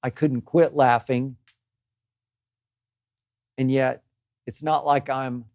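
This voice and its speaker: A man's voice: medium pitch, steady tone, slow, long pauses, darkish tone, dry recording, studio quality. An older man hosting his own sports show, delivering an emphatic, exasperated opinion monologue and repeating phrases for effect. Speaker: host.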